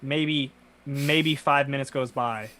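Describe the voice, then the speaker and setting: A man's voice: mid-range voice, takes it slowly, rough recording. A young man co-hosting a podcast, telling stories in casual chat with frequent swearing and laughter. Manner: animated, profane storyteller, bursts into laughter. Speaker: podcast co-host.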